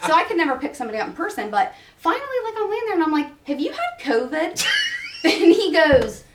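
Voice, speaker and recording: A woman's voice: sits high, fast, very noisy. A woman guest on a podcast, telling an anecdote in casual chat, full of "like" and swearing. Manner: animated storytelling, heavy on filler "like" and swearing. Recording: echoey room, far from mic, chatter behind.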